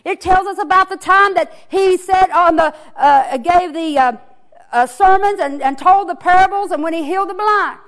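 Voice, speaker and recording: A woman's voice: very high voice, normal speed. A woman preacher who teaches children's church, telling a sermon story with repeated words and restarts.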